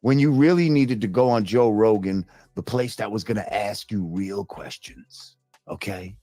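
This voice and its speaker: A man hosting a live stream, reading viewer comments and ranting with heavy profanity, jumping between loud outbursts and low mutters. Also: moderate pace, dry recording, studio quality, faint music behind. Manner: animated, swings between loud rants and mutters. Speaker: livestream host reading chat.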